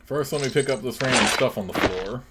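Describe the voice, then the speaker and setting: Guy reading out rpg dialogue for a let's play, mid voice, steady and unhurried. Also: mid-range voice, very noisy. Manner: slow measured reading with small self-corrections. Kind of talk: reading game text aloud.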